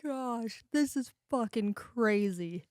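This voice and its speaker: A woman co-hosting a podcast, chatting casually and reacting to her partner's story with quick, profane remarks. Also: on the high side, expressive, a little mellow, no echo, studio quality. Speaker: podcast co-host. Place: podcast studio.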